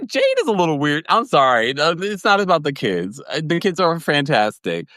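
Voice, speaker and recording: A man hosting a livestream podcast recap, chatty and animated, laughing often and reading viewers' comments. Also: on the high side, moderate pace, no echo. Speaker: podcast host recapping reality TV.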